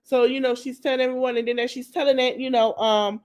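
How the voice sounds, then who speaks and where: A woman's voice: high voice, fairly even intonation, quick pace, a little mellow. A woman hosting a podcast, casually recapping a TV episode in a chatty, slangy, gossipy way and talking straight to her listeners. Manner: acts out the people she quotes. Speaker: podcast host.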